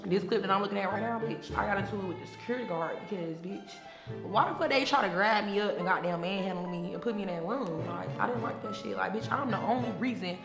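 A woman's voice: medium pitch, fast talker. Brash, foul-mouthed woman, loose unscripted tell-all, frequent laughs, roomy echo. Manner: brash and profane, laughs often. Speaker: reality TV personality looking back on her show. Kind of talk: casual unscripted monologue. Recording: echoey room with music underneath. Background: music.

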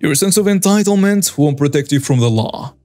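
A man as a stern, calm police commander. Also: on the high side, fairly quick, soft background music, close to an everyday voice. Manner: calm, firm, unwavering.

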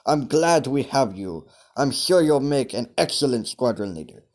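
A man's voice: mid-range voice, expressive, normal speed, darkish tone, natural voice. A man voicing a stern male commanding officer with a put-on German accent, giving clipped military orders.

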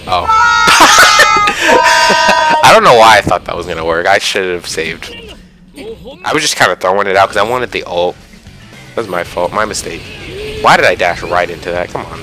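A young man giving excited, self-mocking commentary over his own online fighting game matches, often yelling at big moments. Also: deep voice, normal speed. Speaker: gaming YouTuber. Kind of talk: live gameplay commentary. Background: background music.

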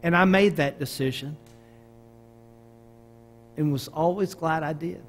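A middle-aged man from Arkansas with a Southern American accent, preaching a sermon as a pastor in an animated storytelling manner with frequent restarts. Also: on the high side, a little slow, slight background noise.

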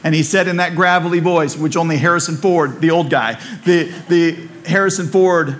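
A man's voice: on the high side, steady tone, moderate pace, a bit bright, slight background noise. A man preaching a sermon in a church, conversational and repetitive, with humorous asides. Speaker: pastor. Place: church sanctuary.

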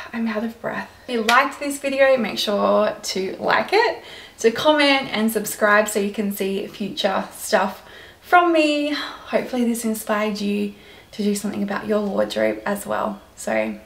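A young Australian woman vlogging casually at home, chatty and rambling as she thinks aloud. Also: on the high side. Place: bedroom at home. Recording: echoey room, faint hiss.

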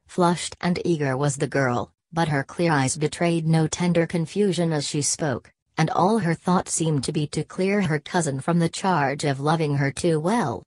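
Woman reading a storybook, low voice, dry close sound, steady pace. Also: normal speed, few pauses, dry recording. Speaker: narrator. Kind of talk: scripted storybook narration.

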